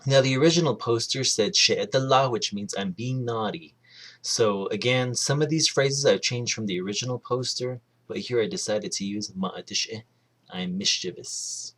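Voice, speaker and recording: A man giving a casual spoken language lesson, saying each word slowly and deliberately and then repeating it. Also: on the low side, a bit bright. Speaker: language teacher.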